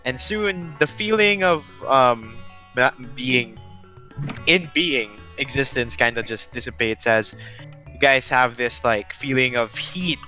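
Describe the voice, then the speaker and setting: A man's voice: medium pitch, slow pace, bright, forceful tone, faint music behind, poor audio. A man narrating as game master, rambling and correcting himself as he describes scenes.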